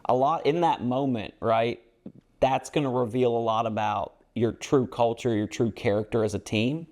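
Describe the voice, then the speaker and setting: A basketball coach who co-hosts a podcast talks earnestly about team culture, rambling casually and using lots of fillers. His voice is mid-range and a little mellow, at a moderate pace.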